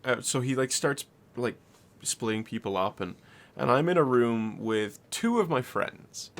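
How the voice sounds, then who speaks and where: A man's voice: mid-range voice, animated, a little slow. A young man co-hosting a podcast, telling a long story in a rambling way, swearing and laughing as he goes. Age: young adult. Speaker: podcast co-host. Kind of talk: casual storytelling.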